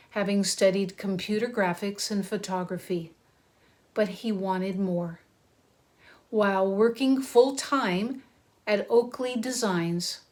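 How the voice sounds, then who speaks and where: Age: middle-aged. Sex: woman. Role: program chair speaking to graduates. Pace: very slow. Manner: earnest, deliberate, ceremonial. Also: medium pitch, darkish tone. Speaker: art school program chair. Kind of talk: recorded commencement address.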